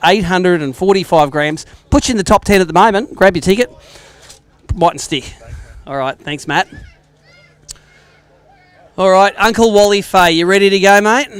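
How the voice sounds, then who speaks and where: A man's voice: high voice, smooth, no echo. An Australian man hosting a live fishing weigh-in outdoors, joking and bantering with the anglers as he reads out the weights. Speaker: tournament weigh-in host. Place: outdoor lakeside weigh-in stage.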